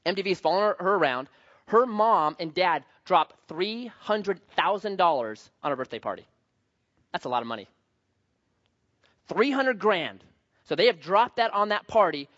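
A male pastor preaching a sermon in an animated, joking, conversational manner. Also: high voice, normal speed, lo-fi sound.

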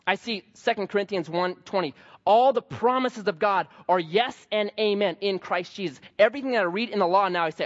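A man's voice: sits high, moderate pace. A man in his thirties preaching a sermon, telling stories and acting out the voices of the people in them. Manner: animated storytelling, acts out voices. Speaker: pastor. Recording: dull sound with long hall reverb.

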